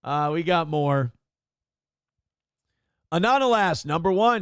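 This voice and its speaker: A man hosting a live show, reading viewer messages aloud in a raised voice, then dropping into low, wry asides. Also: very animated, a little slow, vocal fry, a bit bright. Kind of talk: casual live-stream chat.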